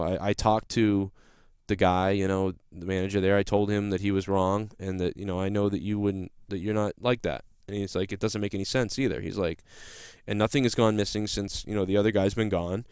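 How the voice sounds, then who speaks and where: A man's voice: lowish voice, fairly even intonation, brisk, darkish tone, clear, resonant tone, no room sound, clean studio sound. A young man, telling a long personal story in a rambling, profane way, often restarting his sentences. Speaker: podcast host. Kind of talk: casual storytelling monologue.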